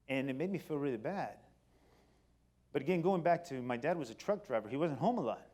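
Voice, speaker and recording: A middle-aged man giving a personal storytelling talk on stage, animated, moving between loud excited bursts and quiet low passages. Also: a little fast. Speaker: company speaker. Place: stage before an audience.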